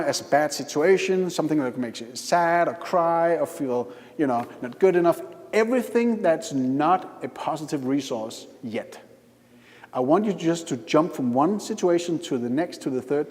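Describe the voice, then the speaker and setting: A man leading a live hypnosis demonstration at a conference, giving slow, coaxing instructions with repeated lists. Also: fairly high pitch, darkish tone. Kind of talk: guiding a live hypnosis demo. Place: conference hall. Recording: reverberant conference hall.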